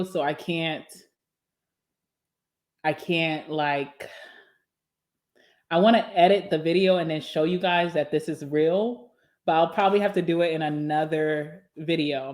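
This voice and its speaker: A young woman vlogger talking casually and candidly to camera while eating, sassy and quick to laugh. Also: sits low, a little mellow. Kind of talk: casual mukbang chat to camera.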